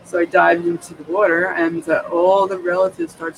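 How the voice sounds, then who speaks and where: A man's voice: high-pitched, flat delivery, normal speed, few pauses, very noisy. A man from New York State, talking to his camera at home in a rambling, digressive way, with many restarts and frequent laughs. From New York State, USA. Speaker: vlogger. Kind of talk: casual rambling monologue. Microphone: camera microphone. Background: music playing.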